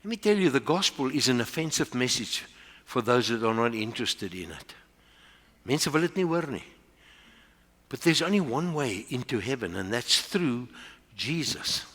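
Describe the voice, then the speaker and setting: A man's voice: medium pitch, sing-song, moderate pace, a bit bright. A man with a South African accent preaching a sermon as pastor, building to emphatic peaks and slipping into Afrikaans phrases. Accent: South African English. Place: church hall. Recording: long hall reverb.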